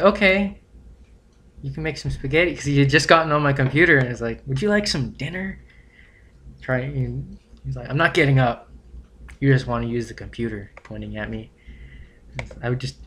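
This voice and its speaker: A young man talking casually to camera, rambling and halting, often correcting his own wording. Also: mid-range voice, fairly bright tone. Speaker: vlogger.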